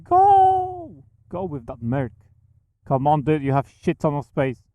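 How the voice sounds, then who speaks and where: A young man giving casual, excitable commentary while driving, swearing freely and talking at other drivers. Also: medium pitch, normal speed, no echo, narrow, tinny audio. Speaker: vlogger driving. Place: inside a car on mountain roads.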